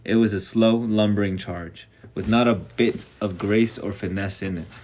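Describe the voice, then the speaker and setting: A man's voice: on the low side, fairly even intonation, normal speed, darkish tone, slight background noise. A man reading a novel aloud live, casual and reactive, sometimes swearing between passages. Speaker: reader.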